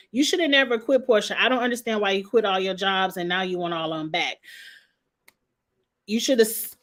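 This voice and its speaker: A woman's voice: medium pitch, brisk, a bit bright. A woman, hosting a casual reality TV recap and gossiping with sass. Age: 40s. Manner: gossipy, sassy, talks straight to the people she discusses.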